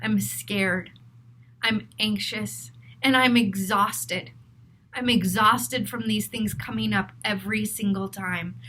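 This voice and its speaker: A woman's voice: medium pitch, steady tone, slow, sharp tone, a little hiss or hum, low-quality recording. A middle-aged woman, a therapist, talking to camera in an earnest, self-reflective way as she works through her feelings aloud.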